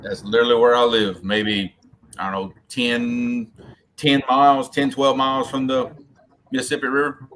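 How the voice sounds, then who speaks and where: A man's voice: medium pitch, little pitch movement, normal speed, fairly bright tone. A man from Louisiana with a Southern Louisiana accent, chatting casually on a fishing live stream, repeating words as he goes. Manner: drawling, repeats words as he talks. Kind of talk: casual chat. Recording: faint outdoor background noise.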